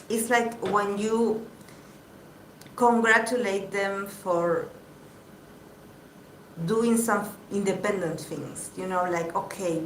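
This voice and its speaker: Slow-talking woman tarot reader, echoey room. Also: medium pitch. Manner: chatty, halting, many fillers. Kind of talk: casual live reading. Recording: echoey room with faint background noise.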